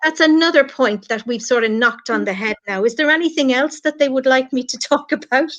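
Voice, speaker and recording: A middle-aged Irish woman speaks in an earnest, heartfelt way, addressing her critics head-on. Her voice sits a little high. The stream audio is muffled and lo-fi. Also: a little fast, fairly bright tone. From Ireland. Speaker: guest on a live stream. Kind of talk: emotional live-stream chat.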